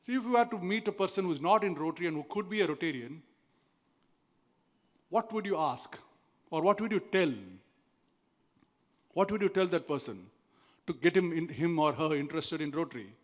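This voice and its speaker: A middle-aged man with an Indian English accent gives a motivational talk at a seminar. He speaks in a fairly high voice, tells stories and quizzes his listeners. The sound carries a long reverb from a large hall. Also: moderate pace, pauses often. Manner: storytelling, questions the audience, acts out quoted voices. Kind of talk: motivational speech.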